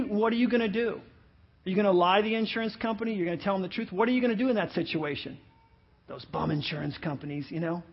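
A man's voice: sits high, breathy edge. A male pastor preaching a conversational sermon, full of rhetorical questions. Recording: muffled lo-fi audio.

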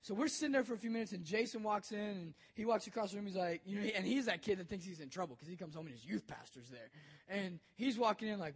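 A man's voice: high-pitched, expressive, fast, slightly rough. A young man, a youth pastor, telling an emotional personal story in a sermon, bold and conversational.

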